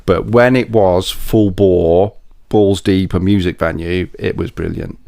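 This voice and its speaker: A middle-aged man, a promoter and DJ, chatting on a podcast in a relaxed, rambling way that often repeats words. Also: deep voice, measured pace, gravelly, dry recording, studio quality. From England. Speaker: event promoter and DJ. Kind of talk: casual podcast interview.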